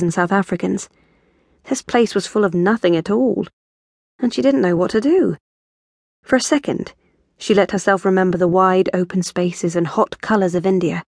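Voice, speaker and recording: A woman narrating a novel as an audiobook in a measured, even storytelling manner. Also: mid-range voice, no room sound, studio quality.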